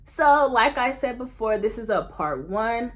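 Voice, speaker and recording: A young woman, telling a candid, animated personal story as a casual storytime vlog, full of slang and laughter. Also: fairly high pitch, a little slow. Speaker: vlogger.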